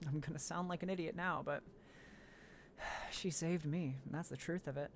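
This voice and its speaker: A worn-out former mercenary father speaks quietly and heavily, as a woman reads his lines aloud. The voice sits on the low side and stays soft and subdued, like game dialogue read aloud. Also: fairly even intonation, moderate pace, a little hiss or hum.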